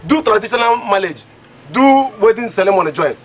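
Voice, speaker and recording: Teasing village friend, high lively voice, muffled movie audio. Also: male voice, a little fast. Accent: Nigerian. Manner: lively, teasing, repeats catchphrases. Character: skeptical village friend, teasing, gives advice. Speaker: actor in a comedy film. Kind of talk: Pidgin comedy film acting. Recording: dull lo-fi film audio.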